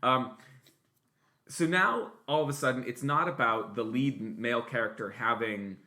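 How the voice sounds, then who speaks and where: A podcast co-host in his late thirties who talks in loose, rambling bursts, full of ums and restarts, and swears offhandedly. His voice has a bright, forward edge, pitched at an ordinary middle height for a man. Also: normal speed. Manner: rambling, many fillers and restarts; swears casually. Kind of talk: casual chat.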